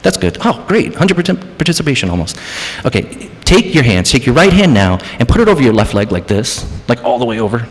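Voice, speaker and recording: A man's voice: mid-range voice, very animated, fast talker, few pauses. A man preaching an interactive sermon as pastor, playful as he coaxes the congregation to join in. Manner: playful, coaxing congregation to participate. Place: church hall. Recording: long hall reverb.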